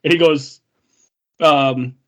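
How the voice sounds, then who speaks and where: Male podcast co-host, relaxed, somewhat high voice, casual scene recaps. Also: slow pace. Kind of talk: casual film chat.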